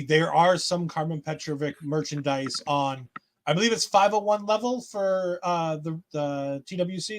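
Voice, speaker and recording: A man co-hosting a casual wrestling post-show, talking animatedly and playfully mocking the people he discusses. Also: a little high. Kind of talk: casual chat.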